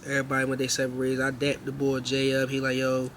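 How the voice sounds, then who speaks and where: A young man telling a casual storytime vlog, slangy and animated, acting out what people said with raised voices. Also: medium pitch, fast, slight background noise. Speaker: storyteller host.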